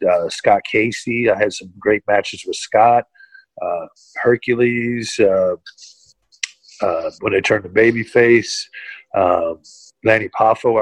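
A man's voice: on the low side, dry recording, poor audio. An older man, a former pro wrestler, telling stories in a casual interview, rambling with lots of fillers and restarts.

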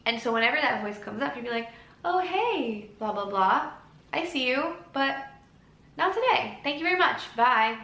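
A woman speaking as a self-help podcaster in a gentle, encouraging monologue, slowing down to stretch key words. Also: on the high side. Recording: roomy with faint background noise.

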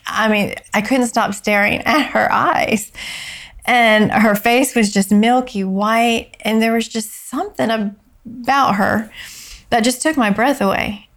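A woman tells a personal story on an interview show at a slow, deliberate pace. Her voice carries a gravelly fry and a soft, tearful quality. It sinks low when she is moved. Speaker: guest.

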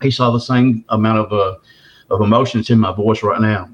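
A man's voice: fairly low pitch, fairly even intonation. A man, telling a long story as an interview guest in a folksy, rambling way. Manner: drawn-out, folksy, frequent restarts. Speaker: interview guest recounting an encounter. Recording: dull lo-fi recording.

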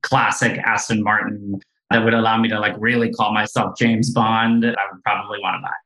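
A man from South Africa answering interview questions in a relaxed, chatty way. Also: fairly low pitch, brisk. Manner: relaxed, chatty, many "like" fillers. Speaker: guest, venture investor. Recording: roomy echo.

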